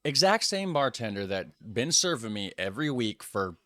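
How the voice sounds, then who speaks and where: A man's voice: mid-range voice, big pitch swings, normal speed, a bit bright, no room sound. Brief: male reaction host, dry close sound, rambling casual commentary. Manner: rambling, hedging asides.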